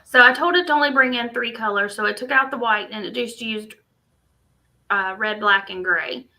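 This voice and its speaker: A woman's voice: fairly high pitch, moderate pace, pushed and bright, low-quality recording. A woman, co-hosting a casual crochet livestream and thinking aloud as she works on screen. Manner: chatty, thinks aloud while working on screen.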